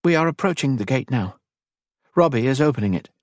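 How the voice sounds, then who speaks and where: A man voices a young English noblewoman, speaking in a firm, polite, proper manner as she gives directions. His mid-range delivery is animated and a little fast, pitched above his own voice yet close to everyday speech, with clean, echo-free studio sound.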